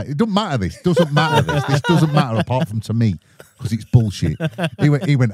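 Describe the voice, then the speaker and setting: A man's voice: mid-range voice, fast, slightly rough, no room sound. Sweary sheffield man telling stories. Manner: sweary, animated, acts out voices in anecdotes. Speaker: guest musician. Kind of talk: casual podcast storytelling.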